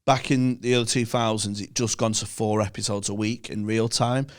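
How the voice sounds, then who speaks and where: A man's voice: on the low side, level tone, normal speed. A man, a podcast guest telling stories with enthusiasm, laughing often and swearing in casual chat.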